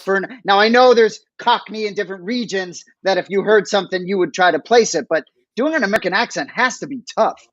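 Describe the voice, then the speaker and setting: A man co-hosting a casual podcast, asking quick questions. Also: high voice, no echo, dull audio. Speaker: co-host.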